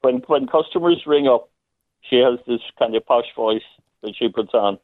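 A man, a playwright, talks thoughtfully about his play, pausing often and laughing now and then. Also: mid-range voice, no room sound. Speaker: playwright guest. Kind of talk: phone interview. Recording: tinny phone line.

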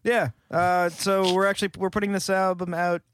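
A man's voice: high-pitched, little pitch movement, moderate pace, fairly bright tone, slight background noise. A man co-hosting a podcast, joking around sarcastically and swearing in casual chat. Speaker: podcast co-host, band member.

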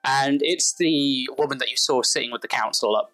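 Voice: medium pitch, a little fast, a bit bright, faint music behind, rough recording. A game master narrating a tabletop game in a casual, meandering, self-deprecating way.

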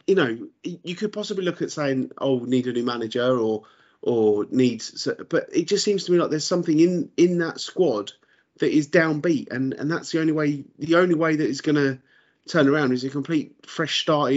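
A man's voice: a little high, brisk, highs cut off. A man co-hosting a casual football podcast. He stumbles and repeats words and has a dry sense of humour. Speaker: podcast co-host. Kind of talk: casual sports chat.

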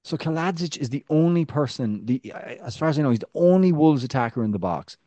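A man co-hosting a casual football podcast, telling stories with lively restarts and a voice that rises when excited. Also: brisk, no room sound. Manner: animated storyteller, restarts, rising pitch when excited. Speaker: podcast co-host.

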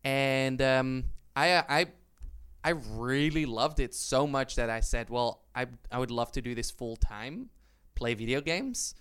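Young man, 20s, interview guest. Clear, resonant voice, mid pitch; eager, rambling storyteller. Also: a bit bright. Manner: eager, storytelling, with many fillers and restarts. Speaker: guest YouTuber. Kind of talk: casual interview chat.

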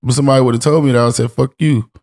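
A man's voice: medium pitch, steady tone, very fast, darkish tone. A man from Los Angeles, a streetwear brand owner, talking casually as a podcast guest, telling stories with slang and acted-out quotes. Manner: laid-back storytelling with acted-out quotes and slang. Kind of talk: casual interview talk.

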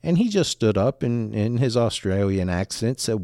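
A man's voice: fairly low pitch, lively intonation, normal speed, warm tone, no room sound, studio quality. A middle-aged man telling a personal story in a rambling, casual way with many restarts.

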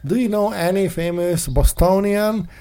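A man with a somewhat higher voice co-hosts a casual radio show. He jokes and teases his partner in a playful way, now and then slipping into a mock-announcer delivery. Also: moderate pace, mellow. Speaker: co-host. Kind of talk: joking radio chat.

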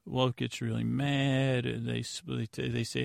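Guy with a super gravelly voice rambling thru a show recap, deadpan and flat. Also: medium pitch, takes it slowly, no room sound, clean studio sound. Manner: deadpan, meandering, with many fillers and restarts. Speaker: podcast host. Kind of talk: rambling comedic episode recap.

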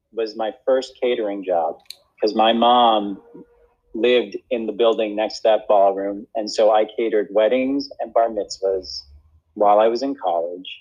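A man's voice: on the low side, darkish tone, muffled recording. A man, an actor and acting teacher, telling a story in a casual interview, with many restarts and frequent laughs.

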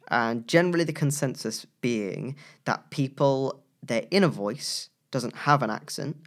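Man, voice professional in casual chat, lively with loud playful emphasis. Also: medium pitch. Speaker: co-host, voice professional.

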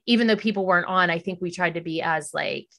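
A woman's voice: fairly low pitch, quick pace. Woman, middle-aged, chatty, storytelling, casual podcast co-host. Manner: chatty storyteller, animated when quoting others. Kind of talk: casual chat.

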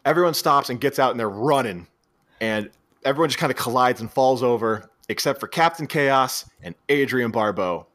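A man's voice: mid-range voice, moderate pace. A man co-hosting a podcast, animatedly recapping a film scene by scene and acting out the characters' lines. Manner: animated retelling with acted-out quotes. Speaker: podcast co-host. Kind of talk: casual film recap chat.

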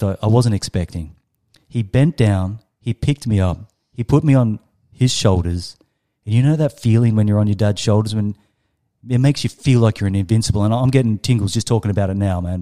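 A man's voice: lowish voice, dark tone. A man in his thirties with an Australian accent, a guest on a podcast interview, telling a personal story with emphatic, dramatic pacing. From Western Australia. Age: 30s. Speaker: guest, startup coach.

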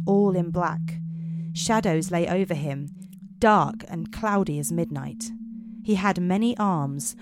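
A woman hosting a podcast, chatting casually and reading folk tales aloud in a relaxed storytelling manner. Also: lowish voice. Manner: relaxed storyteller, reading with small slips and asides. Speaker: podcast host. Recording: noisy podcast recording.

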